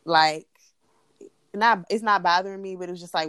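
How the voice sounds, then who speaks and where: A woman's voice: fairly low pitch, normal speed, bright, forceful tone, smooth, no room sound. A woman co-hosting a podcast, blunt and teasing, swearing casually. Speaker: podcast co-host. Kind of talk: casual chat.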